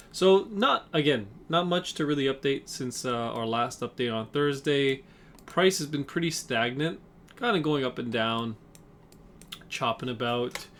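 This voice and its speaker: A man's voice: mid-range voice, a bit bright. Chatty man doing a market breakdown. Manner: chatty, filler-heavy, restarts often. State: slightly out of breath. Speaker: trading channel host. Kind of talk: casual market analysis.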